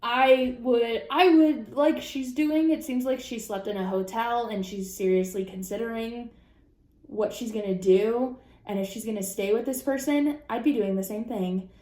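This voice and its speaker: Young woman ranting casually, cusses a lot, echoey room. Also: normal speed. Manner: animated and profane, with sudden high-pitched outbursts. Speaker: craft vlogger reading and reacting to online posts. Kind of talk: casual chat.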